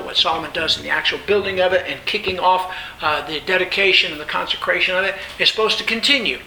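A man's voice: high voice, bright, forceful tone, echoey room, slight background noise, poor audio. A man teaching a Bible lecture, explaining with repeated emphasis and frequent fillers.

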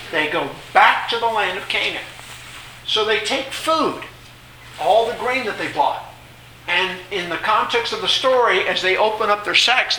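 A man's voice: high-pitched, sharp tone, reverberant, recorded from a distance, a little hiss or hum, poor audio. A man preaching an expository Bible teaching, conversational and paraphrasing scripture with frequent restarts.

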